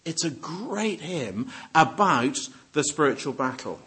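Husky preacher, playful. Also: male voice, fairly high pitch, slow pace, few pauses. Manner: lively, joking, breaks off and restarts. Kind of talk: sermon with audience questions.

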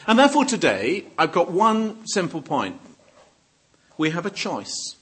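A man's voice: sits high, sing-song, a little slow, fairly bright tone, breathy edge. A male preacher giving a sermon, joking with the congregation and often breaking off and restarting his sentences. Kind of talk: sermon with audience questions.

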